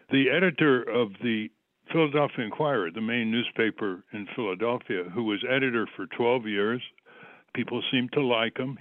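A man's voice: mid-range voice, dry recording. Man hosting over a tinny phone line. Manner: argues in numbered points, emphatic. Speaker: radio show host. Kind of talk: interviewing on a radio talk show.

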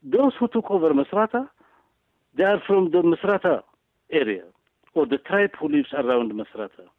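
A political guest comes through a tinny radio line with a fairly high, expressive voice and no room sound. He's emphatic yet halting, repeating himself and using lots of fillers.

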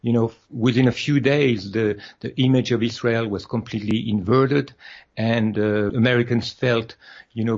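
Male guest, husky and low, halting speech full of "uh"s, muffled lo-fi audio. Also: darkish tone. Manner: hesitant, many fillers and restarts. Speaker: guest author. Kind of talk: interview over a phone line.

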